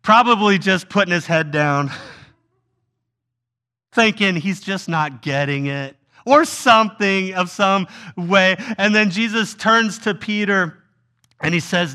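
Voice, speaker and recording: A man's voice: high voice, slow pace, pushed and bright, clean tone. A man preaching a sermon as a pastor, telling a story with feeling and acting out voices of people pleading.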